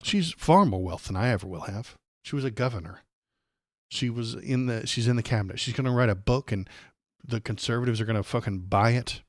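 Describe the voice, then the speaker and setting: A man's voice: mid-range voice, brisk, no room sound, clean studio sound. A man hosting a live political stream, ranting angrily and sarcastically with plenty of profanity. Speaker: livestream political commentator.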